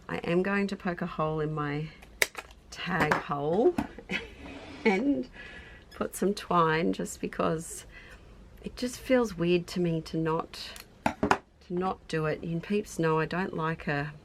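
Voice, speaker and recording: Unhurried Australian crafter, middle-aged, gravelly tone, chatty and self-amused as she thinks aloud. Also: sits low, background noise. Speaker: craft YouTuber. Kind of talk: casual crafting narration.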